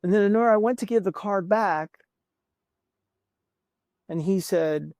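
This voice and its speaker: A man's voice: sits high, unhurried, pauses often, darkish tone, no echo. A man as a podcast guest on a video call, telling a personal story in an earnest, emotional way, often repeating words as he builds up.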